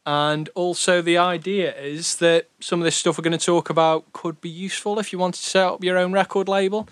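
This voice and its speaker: Young male co-host with a Stoke accent, slightly high voice, rambling and chatty, dry close-mic sound. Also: fairly even intonation, a little fast, clean tone, no echo. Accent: Stoke-on-Trent English. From England. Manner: rambling, chatty, self-deprecating. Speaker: podcast co-host, record label founder. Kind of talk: casual podcast chat.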